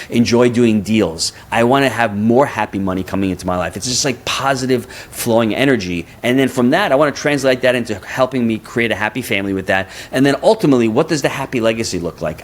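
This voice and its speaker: A man in his fifties, a guest on a podcast interview, talking energetically and often repeating words as he builds a point. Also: fairly low pitch. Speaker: guest, real estate investor.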